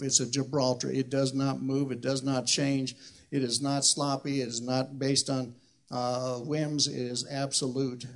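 An older man in his sixties preaching as a pastor, reading scripture slowly and loudly, then talking fast and conversational. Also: medium pitch. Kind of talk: sermon.

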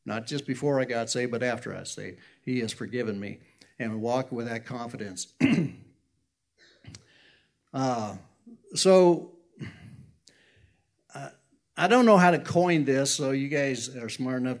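A man's voice: medium pitch, measured pace, long pauses. A man preaching an informal sermon in a conversational way, restarting his sentences and acting out the people he quotes. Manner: conversational, acts out quotes loudly, self-correcting.

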